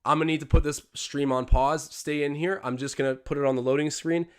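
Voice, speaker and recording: A young man streaming live commentary on a basketball game from home, his voice sitting a touch higher than most men's. He gets excitable, jumping up in pitch and loudness when a big play happens, then settles back into casual chat. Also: fairly quick, clean tone. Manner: excitable, jumps up in pitch and volume on big plays. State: out of breath. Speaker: livestream host doing game commentary. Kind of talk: live sports watch-along commentary.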